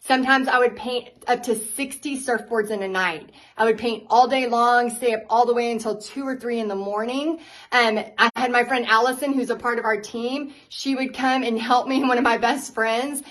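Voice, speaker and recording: A woman, a paint party instructor telling her story to viewers in a candid, animated way, laughing often. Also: fairly high pitch, moderate pace, low-quality recording.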